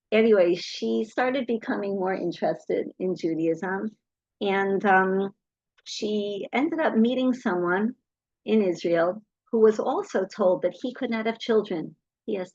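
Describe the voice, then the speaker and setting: This is a middle-aged woman of medium pitch, delivering anecdotes to an audience with energy and acting out the voices of those in her tales. The recording is dry and lo-fi.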